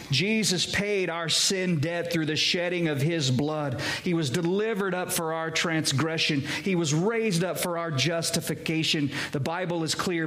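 A man's voice: a little high, a bit bright. A man preaching a sermon as pastor, earnest and direct, calling his listeners "guys" and asking them rhetorical questions.

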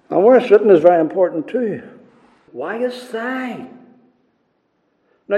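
A man preaching a sermon with a preaching cadence, moving between hushed passages and loud ones. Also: on the high side, highs cut off. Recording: echoey hall with long reverb.

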